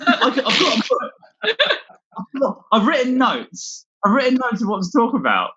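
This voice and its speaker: A man's voice: very high-pitched, wildly swooping pitch, moderate pace, highs cut off, background noise. A man doing a scattered, self-deprecating stand-up set from home, swearing a lot as he talks. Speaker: stand-up comedian. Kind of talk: rambling online stand-up set.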